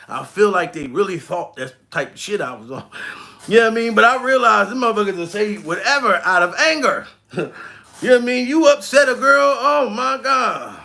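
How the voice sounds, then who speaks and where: Male comedian from New York, high raspy voice, loud profane storytelling. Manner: animated, profane, laughing storyteller. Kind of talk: comedic vlog monologue.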